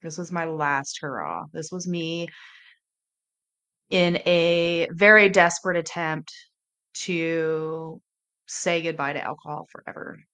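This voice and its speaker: A woman in her thirties, a life coach hosting a podcast, telling her personal story in a candid, emotional, halting way. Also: low voice, fairly bright tone, clear, resonant tone.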